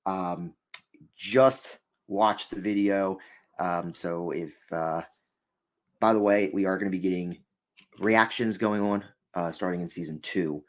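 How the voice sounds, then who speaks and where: A man's voice: deep voice, measured pace. A man co-hosting a casual show review, upbeat and rambling, laughing often. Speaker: podcast co-host.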